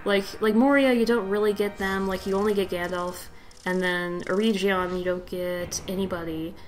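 A woman's voice: mid-range voice, steady tone, normal speed, rough recording. Young woman doing casual lets play commentary, rambly, says like a lot, giggles. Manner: rambling, filler-heavy, giggly. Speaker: let's play host.

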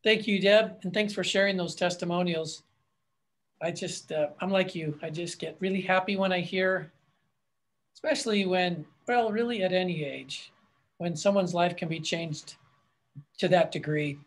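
A man's voice: high voice, moderate pace, a bit bright. A man, a company founder and CEO, explaining a product in a meandering way with frequent restarts. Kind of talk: webinar product talk.

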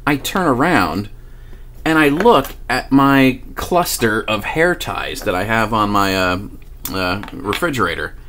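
A man's voice: mid-range voice, a little hiss or hum. Guy vlogging a weird story, voice jumps all over, swears a lot and laughs. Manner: animated, swears freely, laughs often. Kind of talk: casual storytelling.

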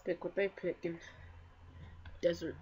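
A woman giving casual let's-play commentary on her own game, excitable and trash-talking. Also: fairly low pitch, husky. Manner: excitable, trash-talking, quick to get frustrated. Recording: loud noise and mouse clicks behind.

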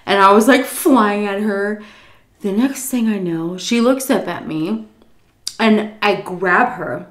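A woman telling a story while eating, animated and profane, jumping into a high voice when she acts out quotes. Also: takes it slowly, roomy sound. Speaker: YouTube storyteller. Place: home, indoors.

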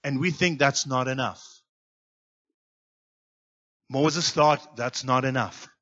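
A man preaching a sermon as guest pastor in a church, swinging between loud emphatic lines and quiet low asides. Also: slow pace, muffled recording. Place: church sanctuary.

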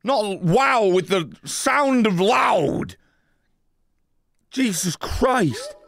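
A British man hosting a live gameplay stream, ranting at chat with swearing and sudden shouted outbursts. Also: sits high, big pitch swings, drawn-out words, vocal fry, no room sound, studio quality. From Britain. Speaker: streamer host.

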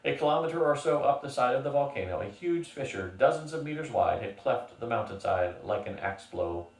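An older man reads a novel aloud as a steady storyteller, his voice at an ordinary male pitch. The room rings noticeably, and he sits some way from the mic. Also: brisk. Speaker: reader. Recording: roomy, from a distance.

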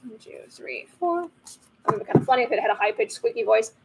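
A woman's voice: on the high side, lively intonation, fast, gravelly, noisy background. Chatty, playful woman host opening cards. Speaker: host of a card-opening channel. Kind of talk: casual card-opening commentary.

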